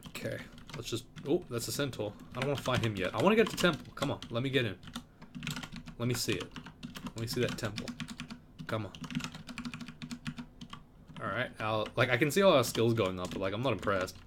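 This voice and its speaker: A man's voice: medium pitch, normal speed, long pauses, background noise. A man giving casual, rambling gameplay commentary, thinking aloud as he plays. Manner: laid-back, rambling, thinking aloud with fillers. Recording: keyboard typing and clicks in background.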